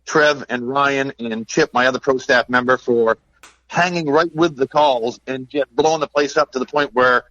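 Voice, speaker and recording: A talkative game call maker, appearing as a podcast guest, tells upbeat stories about his handmade calls in a relaxed, chatty conversation. His mid-pitched voice, at a moderate pace, sounds a little dull and dry, as though from a plain lo-fi mic with no room echo.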